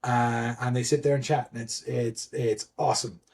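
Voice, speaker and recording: A man's voice: medium pitch, level tone, moderate pace, darkish tone. A man guest telling stories in a casual interview, rambling with many restarts and fillers, laughing and swearing freely. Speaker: guest, event admin.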